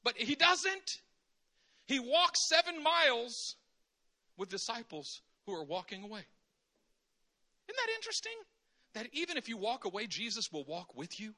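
A man preaching a sermon in an animated way, acting out conversations in different voices. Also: extremely high pitch, normal speed.

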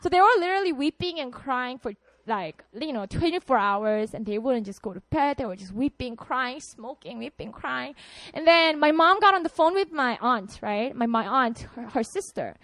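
A young woman from South Korea, giving an animated personal testimony and laughing often. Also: high-pitched, moderate pace, dry recording.

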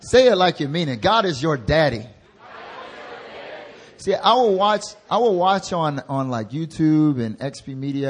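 Intern pastor preaching with loud, rising exhortation. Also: male voice. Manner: swings from soft, low asides to loud, rising exhortation. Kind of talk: sermon.

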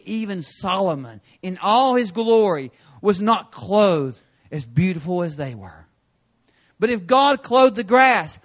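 A middle-aged male pastor preaching a sermon, telling stories and acting out voices with sudden shouts. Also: sits high. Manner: storytelling, acts out voices with bursts of shouting.

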